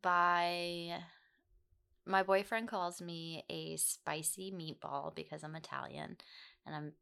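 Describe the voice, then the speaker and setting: A woman with a lowish voice and a gravelly, fry-laced edge, chatting loosely as a podcast guest. She laughs easily and lets her sentences trail off or restart. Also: steady tone, takes it slowly, pushed and bright. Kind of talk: casual chat.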